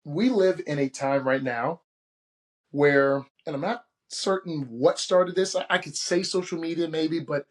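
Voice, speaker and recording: Man, podcast host, casual storytelling, animated, does the voices, slightly high pitch. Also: unhurried. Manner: animated, acts out quotes with shifting voices.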